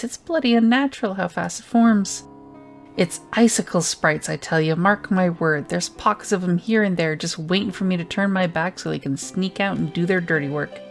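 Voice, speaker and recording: A woman voicing a gruff male foreman of builders in a game, grumbling in an odd put-on accent. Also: on the low side, natural voice.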